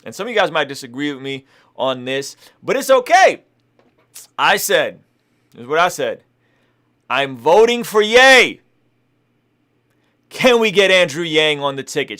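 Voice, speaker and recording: A young adult man giving animated, casual political commentary, talking conversationally with fillers and frequent tag questions. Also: medium pitch, clean tone. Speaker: video commentator and rapper.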